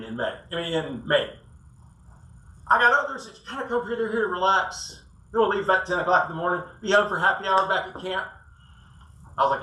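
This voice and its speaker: A high, bright voice with a forceful tone belongs to a South Carolina sales coach addressing an audience. His casual talk mixes storytelling, acted-out quotes, and folksy asides. Captured by a far-off room mic in a spacious event hall, the sound is echoey and distant.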